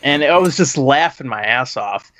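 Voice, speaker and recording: A man's voice: mid-range voice, lively intonation, normal speed, fairly bright tone, no echo. A man co-hosting a casual chat, laughing and swearing as he retells a movie's scenes. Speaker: podcast co-host.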